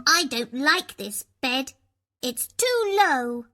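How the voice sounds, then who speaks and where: A fussy, curious little girl from a children's storybook. Her very high voice bounces up and down at a slow, careful pace, with faint children's music behind. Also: expressive, bright, forceful tone, full character voice. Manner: sing-song, exaggerated storybook delivery.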